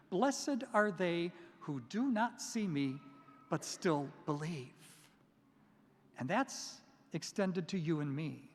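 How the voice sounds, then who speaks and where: A man preaching a Sunday sermon as parish priest, animated and humorous, telling Bible stories in a lively, conversational way. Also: high voice. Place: church. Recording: long reverb of a church.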